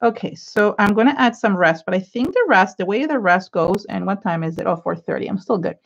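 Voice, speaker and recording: A woman's voice: medium pitch, lively intonation, brisk, creaky. A woman hosting a live craft tutorial, chatting effusively and thanking viewers by name as she paints. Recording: slightly dull home live-stream audio.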